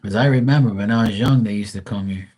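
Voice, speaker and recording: A man in his forties with a lowish voice, talking loosely and profanely as he reads tarot live. He rambles from story to story, relaxed and unpolished. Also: fast. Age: 40s. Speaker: live stream tarot reader. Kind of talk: casual live-stream chat.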